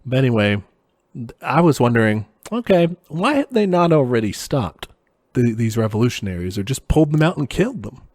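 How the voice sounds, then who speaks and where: A man's voice: medium pitch, a little fast, no room sound. Laid-back man recapping a film plot, dry sound. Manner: relaxed plot recapping with many fillers. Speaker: podcast co-host. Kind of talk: casual film discussion.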